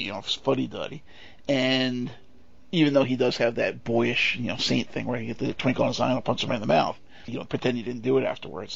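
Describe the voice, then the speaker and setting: Gravelly middle-aged podcast co-host. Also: male voice, medium pitch, normal speed. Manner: animated, tells stories and slips into impressions. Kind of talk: casual chat. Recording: dull lo-fi audio.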